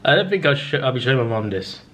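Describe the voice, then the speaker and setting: A man's voice: medium pitch, expressive, quick pace, fairly bright tone, slight background noise. A man in his twenties chatting casually in a vlog, rambling and hesitant with frequent restarts. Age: 20s. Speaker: vlogger. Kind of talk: casual vlog talk and review.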